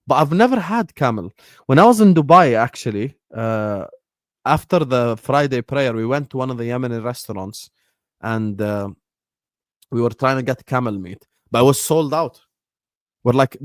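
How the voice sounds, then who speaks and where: A man's voice: mid-range voice, expressive, brisk. Young guy hosting a stream, chatty and slangy, mid voice, dry no-echo sound. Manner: rambling, slangy, drops Arabic phrases. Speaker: livestream host. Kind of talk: casual livestream chat.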